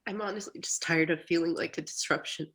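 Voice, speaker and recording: A woman speaking candidly as a therapy client, talking in a halting, reflective way with many restarts, over a video call. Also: lowish voice, fairly even intonation, a bit bright, breathy edge, poor audio. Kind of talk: candid personal talk.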